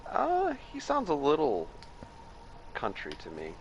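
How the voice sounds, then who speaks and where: A man's voice: a little high, huge pitch swings, a little slow, dull audio, a little hiss or hum. A man from Minnesota with a Minnesotan accent, chatting casually with teammates during an online game and explaining things with many restarts. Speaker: gaming teammate. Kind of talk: casual gaming chat.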